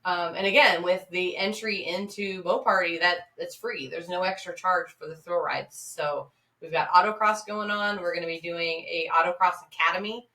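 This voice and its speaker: A woman's voice: on the low side, fairly even intonation, moderate pace, sharp tone, distant mic. A woman co-hosting a podcast, chatting casually and promoting events with plenty of fillers. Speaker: podcast co-host. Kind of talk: casual chat. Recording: roomy, off-mic sound.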